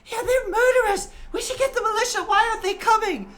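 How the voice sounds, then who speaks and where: A man as game master voicing an outraged townsperson in a tabletop game, yelling from the back of a crowd. The voice is pushed up high and shrill, the bright tone cutting through as the words come out as loud accusations. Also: quick pace. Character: angry townsperson shouting from a crowd.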